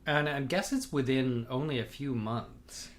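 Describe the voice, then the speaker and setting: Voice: medium pitch, a little slow. A podcast co-host chatting casually, a bit hesitant and thoughtful, chiming in with quoted lines. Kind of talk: casual chat recapping a TV show.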